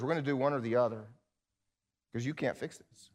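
Man preaching an animated sermon. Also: medium pitch, a little fast. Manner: animated, acts out quoted voices, ends in prayer. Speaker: pastor.

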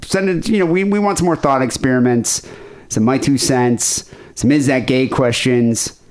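A man's voice: medium pitch, normal speed, a little mellow. A man hosting a podcast, joking and rambling in casual banter. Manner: rambling, joking, lots of fillers. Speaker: podcast host.

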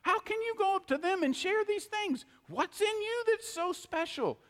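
A man's voice: very high voice, lively intonation, normal speed, fairly bright tone, big-room sound, pitched above the performer's own voice. A preacher voicing the devil as a taunting male figure who sneers and belittles.

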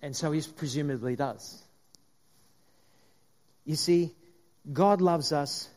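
A man's voice: on the high side, slow, pauses often, darkish tone. A man preaching a sermon in an earnest way, with frequent restarts and the aside "if you like".

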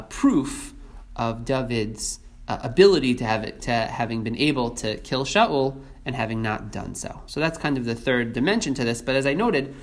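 Earnest man teaching a Bible lesson. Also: mid-range voice. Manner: earnest, thoughtful, many restarts and fillers. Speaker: Torah teacher.

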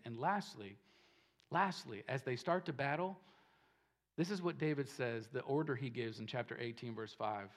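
A man's voice: medium pitch, animated, normal speed. Emphatic man preaching a sermon. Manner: emphatic, repeats phrases, swings from soft to loud. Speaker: pastor. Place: church service.

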